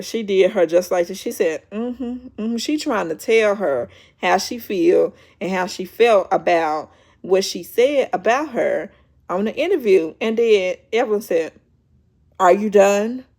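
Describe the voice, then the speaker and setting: A woman's voice: mid-range voice, unhurried, creaky, darkish tone. A woman hosting a casual reality show recap, chatty and storytelling, acting out quotes with laughs.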